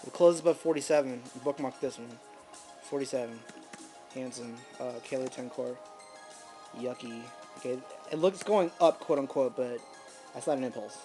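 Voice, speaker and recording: A man in his thirties talks through stock charts in a casual, offhand way at an ordinary pitch. He mutters ticker names under his breath, then breaks into excited bursts. Faint music plays behind him. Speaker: stock trader reviewing charts. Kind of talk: casual screen-recorded market commentary.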